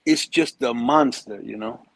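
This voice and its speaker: A man talking as a livestream guest, halting and emphatic, repeating his words. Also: mid-range voice, dry recording. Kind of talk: casual livestream chat.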